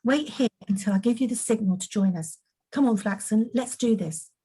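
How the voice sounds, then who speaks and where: A woman reading a gentle, determined little princess. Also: a little high, moderate pace, breathy edge, rough recording. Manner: gentle and soothing. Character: kind determined young princess girl. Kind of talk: storybook reading.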